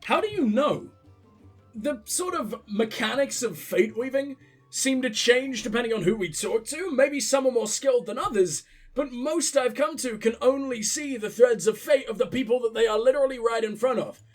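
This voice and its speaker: A man's voice: very high-pitched, lively intonation, moderate pace, faint music behind. A young man with sniffles, commentating his gameplay in a profane, rambling, joking way. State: sick with sniffles. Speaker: let's play host.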